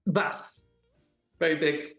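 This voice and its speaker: A man's voice: on the high side, fairly even intonation, takes it slowly, fairly bright tone, reverberant, faint music behind. A young man from England, an actor, chatting eagerly in a casual interview with lots of ums and likes. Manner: enthusiastic, many ums and likes. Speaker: actor guest. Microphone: video call.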